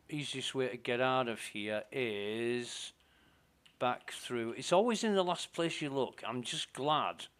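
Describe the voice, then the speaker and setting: A man's voice: mid-range voice, fairly bright tone, smooth. A man giving casual, self-mumbling commentary while playing a space game. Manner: slow, muttering to himself, self-deprecating.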